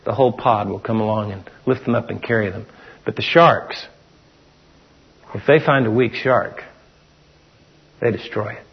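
A man's voice: on the low side, moderate pace, long pauses, husky. A middle-aged man preaching a conversational sermon, asking his listeners questions and acting out what people say. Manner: conversational preaching with rhetorical questions and acted-out quotes. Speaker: pastor. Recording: dull lo-fi sermon recording.

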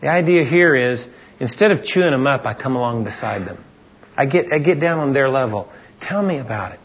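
A man's voice: mid-range voice, expressive, a little fast, breathy edge. A middle-aged man preaching a conversational sermon, asking his listeners questions and acting out what people say. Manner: conversational preaching with rhetorical questions and acted-out quotes. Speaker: pastor. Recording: dull lo-fi sermon recording.

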